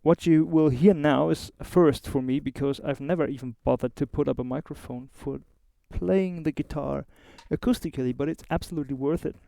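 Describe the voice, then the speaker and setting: A man's voice: on the high side, fairly quick, creaky, few pauses, mellow. A man with a German accent hosting a casual guitar review, chatty and informal with small asides. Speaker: host of a guitar review show.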